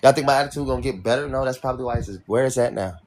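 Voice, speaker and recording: A man's voice: mid-range voice, racing, darkish tone, a little hiss or hum. A young man hosting a livestream, venting in an irritated, profane rant to his chat. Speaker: livestream host. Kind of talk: ranting livestream talk to chat.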